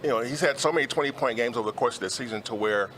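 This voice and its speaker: A relaxed man breaking down a basketball game on a studio talk show, rambling along through his points. His voice sits at an ordinary middle pitch, with a faint background hum. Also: racing. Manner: relaxed, rambling, many fillers and restarts. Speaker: sports analyst. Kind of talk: casual sports talk.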